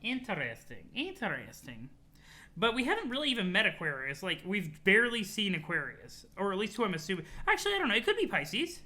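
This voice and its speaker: A chatty man reading a story aloud on stream, stopping to think out loud with curious asides. His bright, sharp voice jumps up and down a lot as he reacts. It feels loose and conversational. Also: high-pitched, wildly swooping pitch, quick pace, few pauses. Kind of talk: live reading with commentary.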